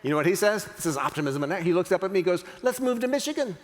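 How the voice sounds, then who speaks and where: A man's voice: on the high side, very fast, a little hiss or hum. A middle-aged man giving a keynote talk, telling a family story and acting out the voices he quotes. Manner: animated, acts out quoted voices. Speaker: motivational speaker. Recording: long hall reverb.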